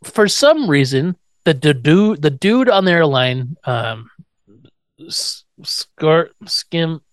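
A man's voice: on the high side, very animated, slow, no room sound. A man co-hosting a podcast, casually retelling a TV episode and acting out the characters' lines with laughs. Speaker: podcast co-host. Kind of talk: casual chat recapping a TV episode.

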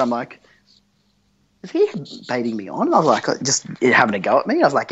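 A man's voice: medium pitch, wildly swooping pitch, quick pace, fairly bright tone, slightly rough. A young man telling a casual rambling story, acting out quoted lines of dialogue. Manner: rambling, acts out quoted dialogue, swears freely. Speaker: podcast co-host. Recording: dull lo-fi recording.

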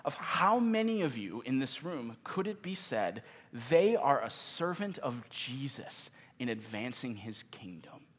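A man preaching a sermon as pastor, earnest and emphatic, slowing down for key questions and hitting some words hard. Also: mid-range voice, big pitch swings, husky. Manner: earnest, emphatic, with sudden loud stresses and slowed key questions. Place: church meeting in a gym. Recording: long reverb of a large gym.

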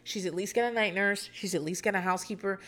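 Podcast host, woman, thirties, mid-pitched, chatty, sarcastic, quick to laugh. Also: fairly bright tone. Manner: chatty and sarcastic, swears freely, laughs often, mimics people in high voices. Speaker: podcast host recapping a reality show. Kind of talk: casual chat.

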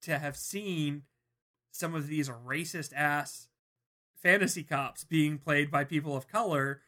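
Podcast co-host, very bright and sharp tone, wry, casual chat. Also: mid-range voice, slow pace. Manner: laid-back, chatty, wry.

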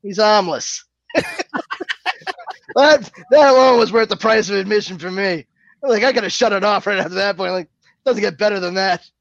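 A man in casual, profane podcast chat, cracking jokes and slipping into quick impressions. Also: sits high, vocal fry, dry recording, muffled recording. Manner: jokey, profane, does quick character impressions.

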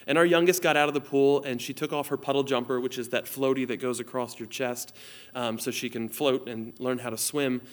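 A man's voice: medium pitch, steady tone, brisk. A man in his thirties preaching an online sermon as a pastor, telling a family story in an earnest way and reading scripture aloud.

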